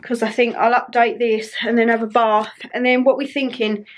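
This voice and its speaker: A woman's voice: fairly high pitch, little pitch movement, normal speed. A young woman with a Northern English accent, chatting casually and giggling at herself in a home vlog. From Northern England. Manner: chatty, giggly, self-mocking. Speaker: vlogger.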